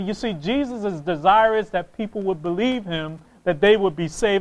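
A man's voice: high voice, normal speed, few pauses, poor audio. A man preaching a sermon, impassioned, reading scripture aloud and repeating phrases for emphasis.

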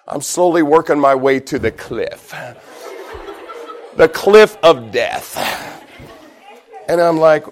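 A man's voice: on the high side, takes it slowly, pauses often. A middle-aged man preaching a sermon, telling a personal story with animation and building to emphatic, repeated lines. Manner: animated storyteller, shouts and laughs in retelling; preaching with rising emphatic repetition. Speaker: pastor.

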